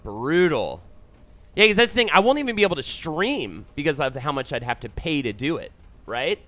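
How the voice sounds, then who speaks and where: Lively, bright-voiced streamer man, cursing. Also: fairly high pitch, normal speed. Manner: animated, swears freely, reacts loudly to gameplay. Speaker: Twitch streamer. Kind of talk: casual chat while streaming a game.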